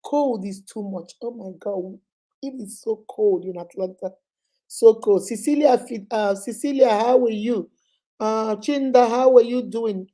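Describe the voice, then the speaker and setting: Hosting a relaxed live stream, a Nigerian woman in her thirties greets viewers by name and chats, a cold leaving her voice a bit hoarse. Her pitch is fairly high, her tone dark, and her pace unhurried.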